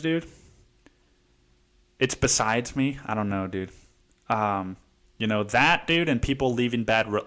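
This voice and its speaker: A man's voice: mid-range voice, a bit bright. A man hosting a podcast, telling a story in a rambling, profane way and saying "dude" constantly. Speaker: podcast host. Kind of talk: casual storytelling monologue.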